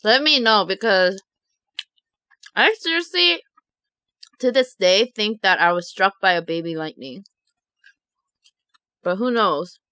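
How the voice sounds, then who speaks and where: Bright, clear-voiced young woman vlogger. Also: medium pitch, dry recording, clean studio sound. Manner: chatty, animated, many "like" fillers. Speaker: mukbang vlogger. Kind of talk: casual storytelling to viewers.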